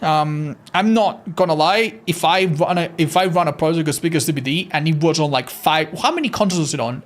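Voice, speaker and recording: A man's voice: on the high side, fairly bright tone. A man chatting casually on a livestream, reading chat, swearing freely and laughing often; English is not his first language. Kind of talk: casual live-stream chat.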